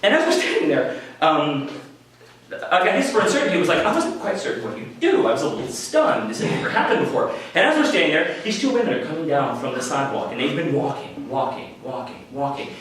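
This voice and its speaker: A man telling a personal story at a live story slam in a conversational, animated way, with quick asides to the audience. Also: on the high side, crowd noise. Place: small venue before a live audience. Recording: echoey room, mic from a distance. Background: audience laughter.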